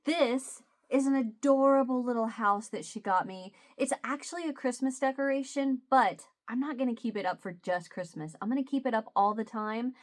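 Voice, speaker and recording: A woman's voice: fairly high pitch, moderate pace, hardly any pauses. A middle-aged woman vlogger chatting casually, telling a family story and quoting her family as she goes. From US Midwest. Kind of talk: casual chat.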